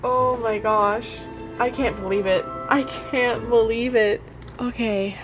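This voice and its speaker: Excitable woman gushing over a game. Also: a little high, slow pace, over music. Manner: excitable, gushing, nervous, talks to viewers. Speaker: gaming YouTuber. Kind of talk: casual gameplay commentary.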